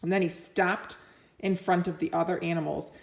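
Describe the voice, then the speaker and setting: A woman reading a children's picture book aloud, expressive and doing little voices for the animals. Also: fairly low pitch, normal speed, vocal fry. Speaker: reader.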